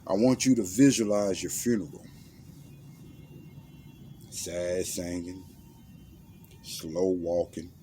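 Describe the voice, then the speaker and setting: A man's voice: deep voice, fairly even intonation, slow pace, long pauses, dark tone, faint music behind. A man giving a blunt, intense monologue that guides the listener through a visualization, using slang and commands. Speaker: motivational self-defense speaker.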